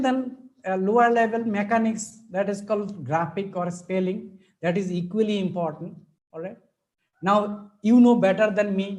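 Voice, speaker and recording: A man's voice: high voice, a little mellow, low-quality recording. A man with an Indian English accent giving a webinar lecture as a teacher trainer, explaining step by step and checking in often with his listeners.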